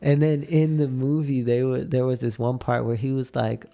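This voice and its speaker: A man's voice: medium pitch, flat delivery, moderate pace, creaky, mellow. A young man co-hosting a podcast in casual chat, laid-back and drawn out, acting out quotes as he tells a story. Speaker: podcast co-host.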